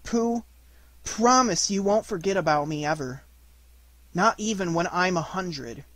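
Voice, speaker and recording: A man's voice: high voice, animated, a little slow, fairly bright tone, no echo. A man voicing an earnest, thoughtful little boy in a storybook reading, speaking tenderly.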